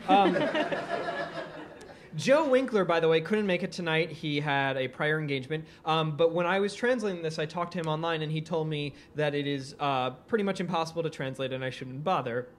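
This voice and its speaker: A man's voice: on the high side, brisk, a little hiss or hum. A man hosting a live comedic podcast in a bar, often breaking into laughter. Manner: laughs often between remarks. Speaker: podcast host.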